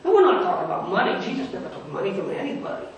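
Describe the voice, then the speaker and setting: In a church sanctuary, a male pastor gives a first-person dramatic sermon monologue as a scornful roadside merchant griping about beggars, his sarcastic, very high-pitched voice swinging hugely in pitch at a very fast pace. The storytelling is dismissive, though the mood is reflective. The lo-fi recording comes from a distant mic in the echoey church, with faint hiss.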